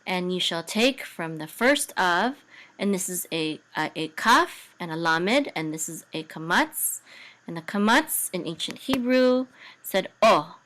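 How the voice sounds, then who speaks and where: Slow, low-voiced woman teaching. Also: animated, fairly bright tone, poor audio. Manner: patient and methodical, with hesitant fillers and restarts. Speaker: Hebrew and Torah cantillation teacher. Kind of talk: language lesson, sounding out words syllable by syllable.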